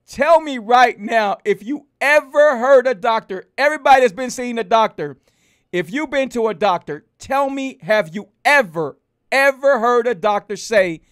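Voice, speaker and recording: A man hosting a casual livestream, animated and preachy, hammering home rhetorical questions to his viewers. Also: very high voice, moderate pace, clean tone. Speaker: host of a health livestream.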